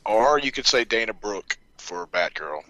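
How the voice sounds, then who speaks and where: Bright-voiced man telling a story. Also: lowish voice, a little slow, no room sound, low-quality recording. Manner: animated anecdote-telling, swearing, laughing. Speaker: podcast co-host. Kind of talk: casual chat, storytelling.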